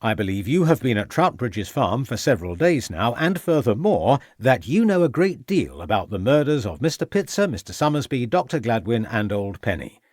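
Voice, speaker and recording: A man's voice: medium pitch, sing-song, moderate pace, few pauses, a little mellow, no echo. A man reading an audiobook, voicing a shrewd, stern male police inspector who questions in a dry, mocking way. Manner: probing, dryly mocking.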